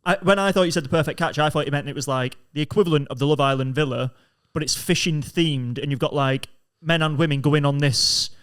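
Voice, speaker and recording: A man's voice: on the high side, a little fast, few pauses, fairly bright tone, clear, resonant tone. A man hosting an improv comedy podcast, chatting and thinking aloud as he works out a story.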